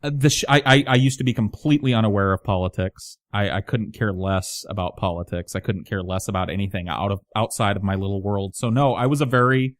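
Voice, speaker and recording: Profane self-mocking man, slightly low voice. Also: a little fast, few pauses, no room sound, clean studio sound. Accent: light Southern US twang. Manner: rambling, profane, self-mocking, many restarts. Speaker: channel host. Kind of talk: casual monologue to camera.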